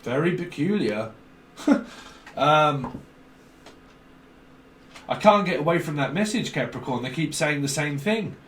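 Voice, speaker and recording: A man with a fairly high voice rambles through a psychic reading, jumping from word to word and swearing as he goes. He sits back from the mic in a roomy space with a faint hiss behind him. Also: expressive, measured pace, long pauses, a bit bright, distant mic. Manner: free-associating, swearing, frequent fillers. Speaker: tarot reader.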